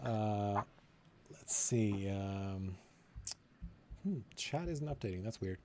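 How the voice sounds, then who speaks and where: A man's voice: fairly low pitch, lively intonation, takes it slowly, a little mellow, a little hiss or hum. A man, a community manager, chatting casually on a game stream and teasing his co-host with spelling quizzes.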